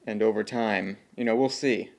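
A man's voice: on the low side, moderate pace, creaky. A man co-hosting a podcast, talking casually and hesitantly about a movie. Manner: hesitant, trails off, agreeable. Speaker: podcast co-host. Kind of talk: casual film discussion.

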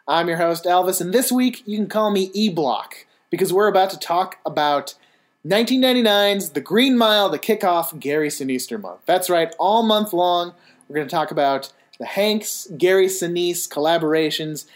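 A man hosting a podcast, chatting casually and teasing his guest in a playful, joking way. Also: high-pitched. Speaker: podcast host. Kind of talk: casual chat.

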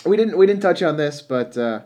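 A man's voice: on the high side, lively intonation, a little fast, darkish tone. A man co-hosting a podcast, chatting casually about a film and thinking aloud as he goes. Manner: musing, trails off and restarts. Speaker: podcast co-host.

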